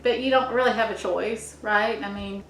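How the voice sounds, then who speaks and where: A woman's voice: mid-range voice, steady tone, normal speed, a bit bright, a little hiss or hum. A middle-aged woman rambling through a reflective monologue, meandering and trailing off as she muses. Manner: meandering, musing, often restarts and trails off. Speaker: vlogger. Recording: echoey room.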